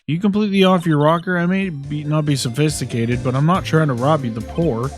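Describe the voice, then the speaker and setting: A man's voice: on the high side, fairly quick, faint music behind, close to an everyday voice. A drawling Southern gal, as a man puts her on. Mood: wheeling-dealing. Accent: American Southern, put on. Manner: folksy drawl, bargaining, says y'all. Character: loud excitable Southern woman photographer.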